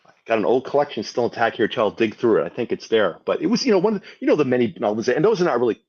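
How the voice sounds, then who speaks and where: Animated swearing man, lo-fi sound. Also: medium pitch, very fast, husky. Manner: animated, swears freely, acts out scenes. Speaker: guest panelist. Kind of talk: casual podcast chat.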